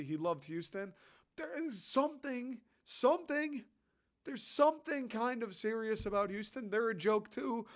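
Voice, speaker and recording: A young man, hosting a podcast and ranting casually in a sarcastic, animated way, swearing often. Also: sits high. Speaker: podcast host. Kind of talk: casual solo rant.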